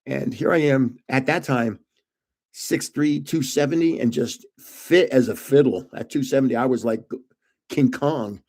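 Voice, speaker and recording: A man's voice: mid-range voice, unhurried, darkish tone. An older man hosting his own channel, telling rambling backstage anecdotes in a casual, chatty way and chuckling at his own jokes. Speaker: channel host. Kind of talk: casual storytelling.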